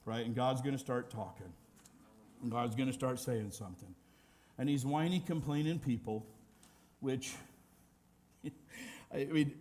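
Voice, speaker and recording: An older man preaching a sermon as pastor, animated and humorous, acting out the scenes he describes. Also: medium pitch.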